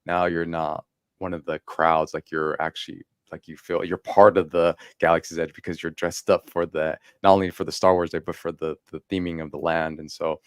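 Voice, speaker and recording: A man's voice: deep voice, flat delivery, fairly quick, smooth, dry recording, clean studio sound. A man co-hosting a casual podcast chat, telling stories animatedly and acting out quoted lines with frequent laughs. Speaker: podcast co-host.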